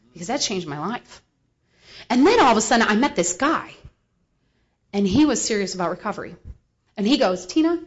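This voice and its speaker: Woman speaker, animated storyteller doing the voices in her tale, mid pitch, slightly dull recording. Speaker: recovery speaker. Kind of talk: personal testimony talk.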